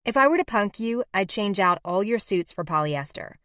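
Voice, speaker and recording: A woman's voice: medium pitch, animated, moderate pace, a bit bright, no room sound, studio quality, close to an everyday voice. A woman voicing a sarcastic, bubbly young heroine in a romance audiobook. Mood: playful. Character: sharp-tongued, playful young woman heroine.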